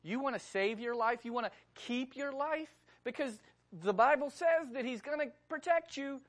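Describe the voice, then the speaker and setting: A woman's voice: sits high, voice pushed up. Woman doing a sly coaxing devil, pushy little urgings, sermon retelling. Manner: coaxing, insistent short urgings.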